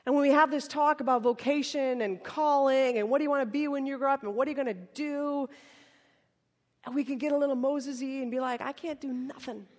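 Woman preacher, high voice, chatty and humorous delivery, echoing worship hall. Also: steady tone, fairly quick, a little mellow. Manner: conversational and humorous, acts out dialogues. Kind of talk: sermon. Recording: reverberant hall.

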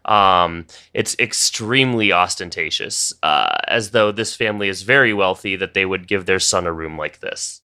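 Halting game master man, bright voice. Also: sits low. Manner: halting, many fillers and "like"s. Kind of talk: narrating a tabletop game.

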